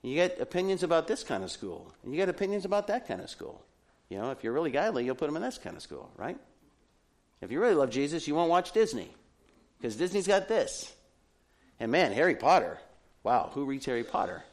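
A middle-aged pastor preaches a sermon to his congregation, his voice on the high side and a little fast. He tells stories in an animated way, sprinkling in humorous asides.

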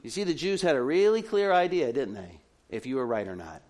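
This middle-aged man, a pastor, has a mid-range voice and talks a little fast. Addressing his congregation, he preaches through lively stories with funny asides mixed in.

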